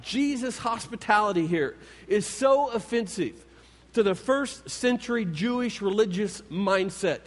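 A man preaching a sermon, retelling scripture stories in an animated storytelling manner. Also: sits high. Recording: long hall reverb.

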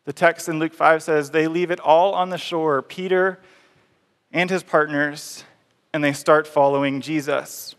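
Conversational preacher in a reverberant hall. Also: male voice, fairly high pitch, steady tone, measured pace, a bit bright. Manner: conversational storytelling, acts out scenes. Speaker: pastor. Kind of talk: sermon.

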